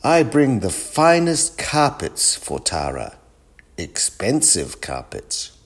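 A man voicing a boastful shah who is a rich suitor, in a storybook reading, speaking slowly and grandly. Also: medium pitch, wildly swooping pitch, voice pushed up, exaggerated voice. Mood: pompous.

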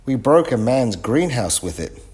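A man voicing a pair of cheeky young boys in a children's story, lively and boyish. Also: medium pitch, measured pace, pitched above the performer's own voice.

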